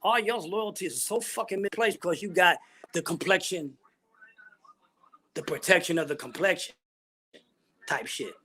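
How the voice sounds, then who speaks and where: A man's voice: high voice, unhurried, pauses often, bright, forceful tone, slightly rough. A man ranting bluntly and profanely about politics, full of heavy slang. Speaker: vlogger giving opinions.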